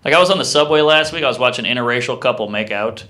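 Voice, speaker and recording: Speaking in a mid-range voice, this male comedian works a live club crowd with dry, deadpan one-liners and brief remarks aimed at the people watching.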